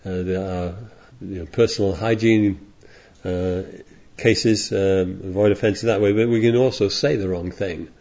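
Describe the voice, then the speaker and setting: A man's voice: sits low, steady tone, unhurried, hardly any pauses, darkish tone. A man preaching a sermon in a rambling, digressive way, reading scripture aloud as he goes. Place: congregation in California. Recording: dull lo-fi sermon recording.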